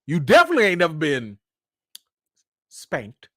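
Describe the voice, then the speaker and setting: A man hosting a live commentary chat, talking in an animated, slangy way. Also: fairly high pitch, moderate pace, no room sound, studio quality. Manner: animated, slangy, acts out quotes. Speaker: host.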